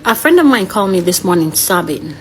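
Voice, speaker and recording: Brief: woman, lowish voice, confiding story, faint ambience. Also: big pitch swings, a little fast, slight background noise. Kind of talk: personal storytelling video.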